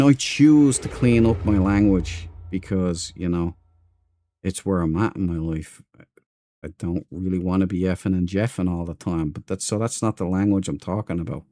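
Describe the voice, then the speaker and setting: A man's voice: sits low, mellow, dry recording. An Irish man streaming a space game, chatting casually to his viewers as he plays. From Ireland. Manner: chatty and rambling, talks to chat and in-game crew. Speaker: gaming streamer. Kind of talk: casual commentary over gameplay.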